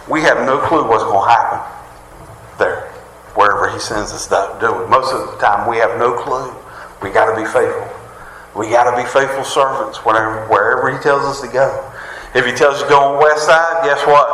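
A man's voice: mid-range voice, pushed and bright, a little hiss or hum. A man preaching a sermon, folksy and conversational, full of jokes and rhetorical questions. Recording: roomy hall reverb.

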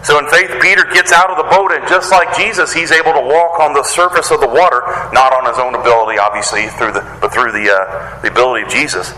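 Animated male preacher in an echoey hall. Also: fast talker, few pauses, a little hiss or hum. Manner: animated, acts out quoted voices in a higher pitch; casual wording with playful slang. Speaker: pastor. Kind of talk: sermon.

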